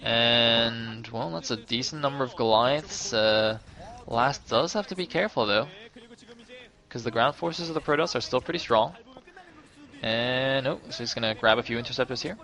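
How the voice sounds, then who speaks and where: A man giving casual play-by-play commentary on a game as an esports caster. He talks chattily, corrects himself often, and gets loud and excited when the action turns tense. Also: medium pitch, normal speed.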